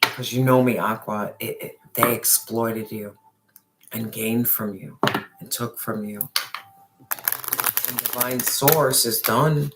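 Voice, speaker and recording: Heavy background noise surrounds this medium-pitched, fairly even voice, which takes its time with long pauses. A tarot reader gives a viewer an intense, emphatic reading with slangy address and swearing, dropping to a whisper on some phrases.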